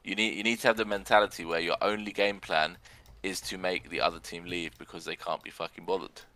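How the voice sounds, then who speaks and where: A young man giving sarcastic, excitable commentary on a video game match and swearing now and then. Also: low-pitched, fairly quick. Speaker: arena commentator.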